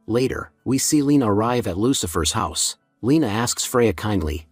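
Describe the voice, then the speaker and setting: Steady male recap narrator. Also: on the low side, slightly rough, dry recording, faint music behind. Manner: steady, brisk storytelling. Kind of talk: scripted narration.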